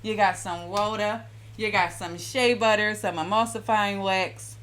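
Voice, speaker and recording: A woman's voice: mid-range voice, fairly even intonation, measured pace, a bit bright. A woman from Philadelphia hosting a casual live-stream lotion-making demonstration, chatting and greeting viewers by name. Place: home kitchen.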